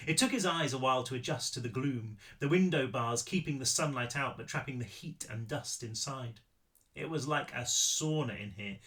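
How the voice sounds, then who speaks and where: Man, author reading own novel, animated, bright tone. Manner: animated reading with big pitch swings. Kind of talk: audiobook-style read-through.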